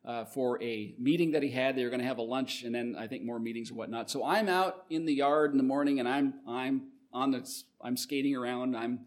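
A man's voice: mid-range voice, a little fast, hardly any pauses. Conversational male pastor telling a story. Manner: conversational storytelling, lively swings in loudness. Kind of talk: sermon with personal story.

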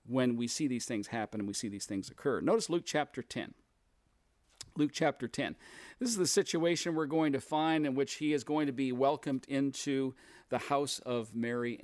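A man's voice: mid-range voice, dry recording. A man preaching a sermon, walking through a Bible passage in a conversational, repetitive teaching manner.

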